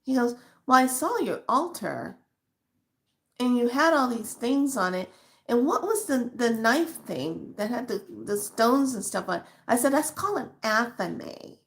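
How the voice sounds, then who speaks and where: A middle-aged woman vlogger telling a personal story to her viewers in an animated, emotional way. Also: fairly high pitch, unhurried, creaky. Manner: emotional, animated retelling with acted quotes. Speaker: spiritual vlogger.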